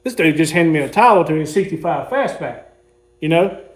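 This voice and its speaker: A man's voice: on the high side, lively intonation, brisk. Folksy man telling car stories. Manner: folksy, rambling storyteller. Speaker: car hobbyist host. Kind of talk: casual storytelling walkaround.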